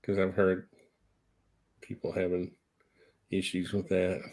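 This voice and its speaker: A man's voice: low-pitched, monotone, takes it slowly, gravelly, darkish tone. A man on a casual live stream, teasing the host in an easygoing way.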